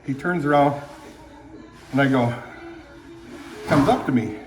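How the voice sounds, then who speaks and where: A man's voice: medium pitch, unhurried, reverberant, music in the background, poor audio. An older man from Michigan chatting casually for his vlog in a horse barn, rambling and self-deprecating, with lots of fillers. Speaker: vlogger. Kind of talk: casual chat.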